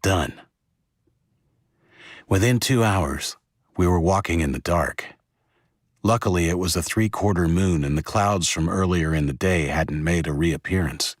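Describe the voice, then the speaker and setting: Male audiobook narrator, low husky voice, steady delivery, dry close sound. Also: measured pace, long pauses, no echo. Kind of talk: first-person audiobook narration.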